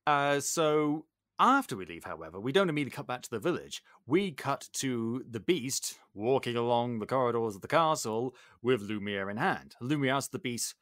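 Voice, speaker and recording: A British man hosting a podcast in casual chat, excitable and sarcastic. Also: mid-range voice, normal speed, no echo, studio quality. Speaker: podcast host.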